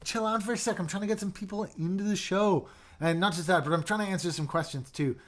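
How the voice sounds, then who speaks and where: Young male livestream host, slightly higher voice, excitable and rambling with quiet mumbled asides. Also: fast. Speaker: livestream host reviewing keyboards. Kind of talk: casual livestream chat reading viewer comments.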